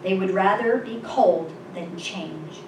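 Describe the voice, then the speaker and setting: A woman voicing a calm, gentle male stranger who speaks softly and sadly, recorded from a distance in an echoing room with background noise. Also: on the low side, slow. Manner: soft, calm, sad.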